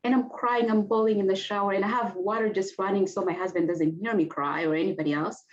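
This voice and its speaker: A woman's voice: medium pitch, steady tone, fast. A woman in her thirties from Rwanda with a Rwandan accent, a Kinyarwanda speaker, telling her story earnestly as an interview guest, often restarting her sentences. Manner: earnest, heartfelt, with hesitant restarts. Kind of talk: personal testimony in an interview. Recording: dull lo-fi audio.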